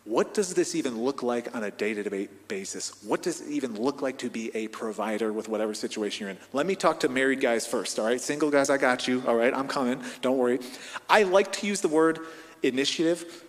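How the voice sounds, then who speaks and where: A man's voice: mid-range voice, brisk. Preaching man with big volume swings. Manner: preaching with strong swings in volume, from hushed to loud. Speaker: pastor. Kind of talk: sermon. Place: large church hall. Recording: long hall reverb.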